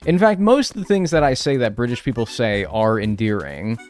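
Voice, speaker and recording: A man's voice: mid-range voice, lively intonation, brisk, darkish tone, soft background music. A man streaming a game live, chatting casually and joking with his chat from his room.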